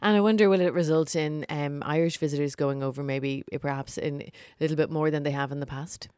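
A woman's voice: low-pitched, fairly even intonation, darkish tone, smooth, no room sound, studio quality. Woman host prompting her guest. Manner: friendly prompting, quick affirmations. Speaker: show host. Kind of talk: casual radio interview.

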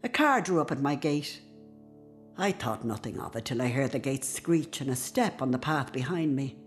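A spirited old Irish nanny. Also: female voice, rumbling low, normal speed, soft background music. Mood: reflective. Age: older. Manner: storytelling narration with lively, emphatic speech. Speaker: narrator and character. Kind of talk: radio drama acting and narration.

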